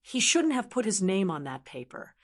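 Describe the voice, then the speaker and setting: A woman's voice: mid-range voice, big pitch swings, normal speed. A woman voicing a smug, dismissive older father-in-law who scoffs and backtracks. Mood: scoffing.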